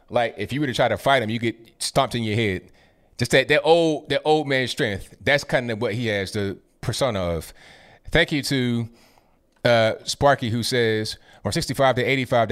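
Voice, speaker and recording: A man in his twenties or thirties runs a live stream, reading out viewer messages one after another in a mid-pitched everyday voice. He tosses off short, casual reactions between them, speaking close to a desktop mic. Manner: casual, quick asides after each message. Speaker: political commentary host reading viewer messages.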